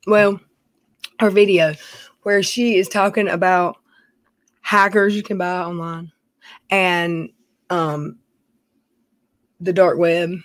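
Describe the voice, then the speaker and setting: A woman's voice: lowish voice, flat delivery, slow, pauses often, dry recording. A middle-aged woman, chatting casually on a home live stream, reading viewer names and talking in a folksy way. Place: dim room at home.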